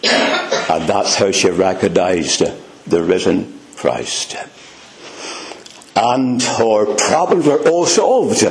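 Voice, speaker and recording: A Northern Irish man preaches with earnest, emphatic conviction. He takes his time, drawing each phrase out slowly. The room around him rings with echo. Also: mid-range voice. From Northern Ireland. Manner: earnest, emphatic preaching, addressing "dear friends". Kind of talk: sermon.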